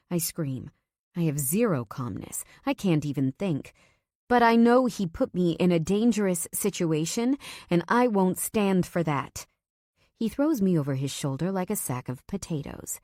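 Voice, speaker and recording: Brief: woman audiobook narrator, low voice, tense and measured, dry close mic. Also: expressive, dark tone, no echo. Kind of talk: first-person audiobook narration.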